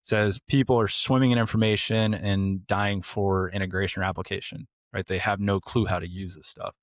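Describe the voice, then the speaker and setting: A man's voice: low-pitched, little pitch movement, normal speed, no echo, studio quality. A man hosting a podcast who talks bluntly and emphatically, answering his own rhetorical questions in a casual clinical discussion. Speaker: podcast host, clinic owner.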